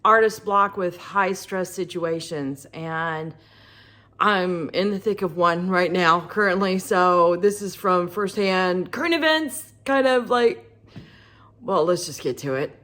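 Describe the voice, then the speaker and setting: Middle-aged woman, husky lowish voice, candid vlogger, halting and paused. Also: fairly bright tone. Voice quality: husky morning voice. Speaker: artist vlogger. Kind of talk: casual personal talk to camera.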